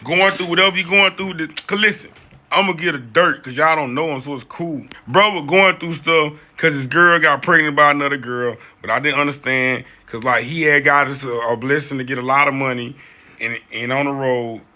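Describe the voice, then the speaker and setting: A young man telling an animated storytime, slangy and excitable, jumping into other people's voices as he reenacts the scene. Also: fairly high pitch, moderate pace. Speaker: storyteller vlogger.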